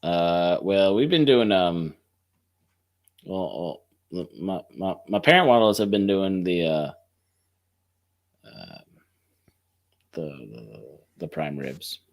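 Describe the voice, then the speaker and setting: A man's voice: low-pitched, expressive, slow pace, long pauses. A male co-host rambling in casual chat and making self-deprecating jokes.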